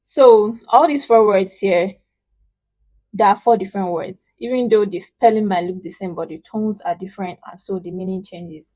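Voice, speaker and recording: A woman's voice: medium pitch, rough recording. A woman teaching a spoken Chinese lesson in English, patiently explaining and modeling sounds with emphasis. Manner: patient, emphatic, models syllables slowly and loudly. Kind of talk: online language lesson.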